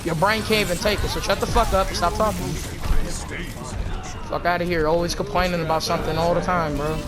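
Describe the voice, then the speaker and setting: A man's voice: high-pitched, steady tone, fairly quick, loud music behind the voice. A gaming YouTuber, a man, arguing heatedly in voice chat and then commenting, combative and repetitive, swearing often.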